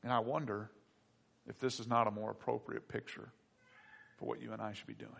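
A man preaching a sermon as pastor, moving between hushed reflection and loud, excited bursts. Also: on the low side, brisk, gravelly, breathy edge. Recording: long hall reverb.

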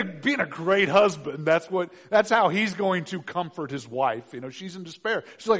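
Chatty joking preacher, a bit high. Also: male voice, lively intonation, normal speed, few pauses, a bit bright. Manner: conversational and joking, with frequent fillers and restarts. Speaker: pastor. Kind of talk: sermon.

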